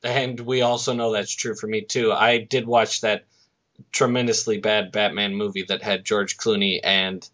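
A man's voice: lowish voice, little pitch movement, normal speed, a bit bright. A man with a Boston accent co-hosting a casual sports podcast, joking and wry. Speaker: podcast co-host. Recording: dull lo-fi audio.

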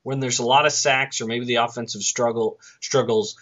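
A man's voice: mid-range voice, steady tone, normal speed, a bit bright. A man with a Boston accent co-hosting a casual sports podcast, joking and wry. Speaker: podcast co-host. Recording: dull lo-fi audio.

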